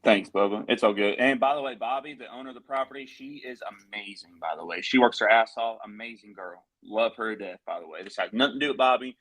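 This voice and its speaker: A man's voice: lowish voice, fast talker, few pauses, fairly bright tone, low-quality recording. A man, a musician guest on a live stream, telling a long story in a heated, profane, rambling way.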